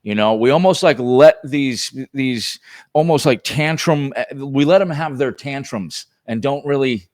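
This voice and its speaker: A man's voice: medium pitch, measured pace, darkish tone. A man who is a guest on a talk show, speaking emphatically and with profanity in casual political conversation. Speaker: guest filmmaker.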